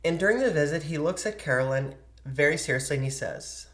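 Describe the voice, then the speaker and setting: Podcast host, casual storyteller, acts out quoted people, mid pitch. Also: animated, quick pace, a bit bright. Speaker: podcast host telling a true haunting story.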